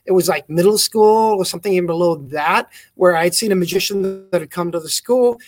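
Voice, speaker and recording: A man's voice: high voice, brisk. A middle-aged man from England with a mixed English, South African and American accent, telling rambling stories as a guest in a casual interview. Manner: rambling, storytelling, self-correcting. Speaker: guest magician. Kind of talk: casual video-call interview.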